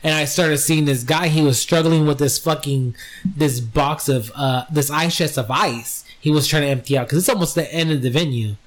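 A man's voice: fairly high pitch, moderate pace. A man telling a long story in casual podcast chat, swearing freely and acting out the people he quotes. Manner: profane, animated storyteller acting out quoted voices. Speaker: podcast co-host.

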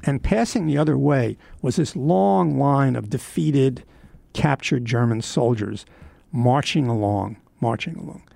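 An older man from the United States talks in a wry, rambling way, pausing often as he remembers. His voice is heavily gravelly. The recording is close and dry, with no room sound. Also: mid-range voice, a little mellow, dry recording. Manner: rambling, wry reminiscing with frequent pauses. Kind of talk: reflective monologue.

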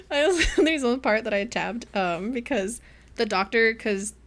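A woman co-hosting a casual book club podcast, retelling scenes in an animated way and acting out the characters' lines. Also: on the high side, a little slow. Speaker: podcast co-host.

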